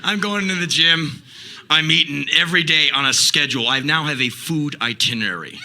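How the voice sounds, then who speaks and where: A man's voice: a little high, fairly quick, bright, forceful tone, a little hiss or hum. A man putting on an intense, regimented male punk singer, listing a strict routine in clipped, drill-like lines. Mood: stern, clipped.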